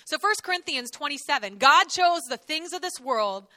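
High, bright woman teaching the Bible. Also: moderate pace, no room sound. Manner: lively, jokey, acts out the characters.

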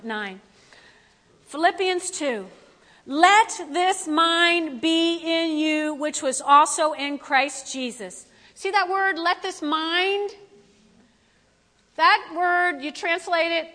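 A woman pastor preaching a sermon in a lively, playful way, talking straight to the congregation. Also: sits high, big-room sound. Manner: animated, playful, talks directly to the congregation.

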